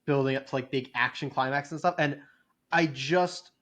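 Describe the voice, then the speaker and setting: A man of medium pitch talks at a normal speed, his voice slightly bright. He's co-hosting a podcast in relaxed conversation, loose and noncommittal, with plenty of filler words.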